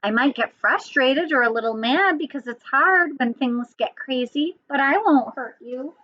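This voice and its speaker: A woman voicing a prickly but gentle porcupine who talks in a reassuring, earnest way. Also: high voice, animated, measured pace, muffled recording.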